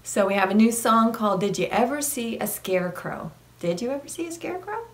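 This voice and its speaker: A woman's voice: mid-range voice, animated, brisk, gravelly, hardly any pauses, reverberant, distant mic. A woman leading a preschool storytime, reading rhymes and singing songs in a sing-song voice, coaxing the children to join in.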